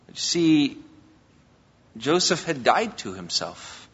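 A man pastor delivers an emphatic sermon in a bright, forceful, somewhat high voice, rising to loud declarations and dropping low. The sound rings with long hall reverb in a church sanctuary. The recording is dull and lo-fi. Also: very animated, slow, slightly rough. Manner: emphatic preaching, rises and drops in volume.

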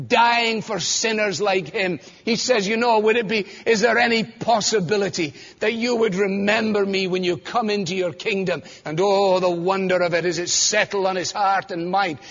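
A man with a high voice preaches a sermon, working through scripture and putting rhetorical questions to his listeners. He builds toward fervent emphasis. The sound is dull and muffled, with a long reverb from the hall around him. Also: a bit bright.

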